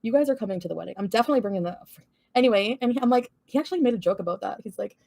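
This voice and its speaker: A woman's voice: on the high side, expressive, racing, gravelly, a little mellow. A woman from Canada gossiping on a livestream, chatty and giggly, cursing casually as she rambles.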